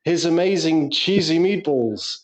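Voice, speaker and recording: On a laid-back podcast, a male co-host with a highish voice and lively intonation tells stories at an unhurried pace, swearing a lot and giggling throughout the casual chat.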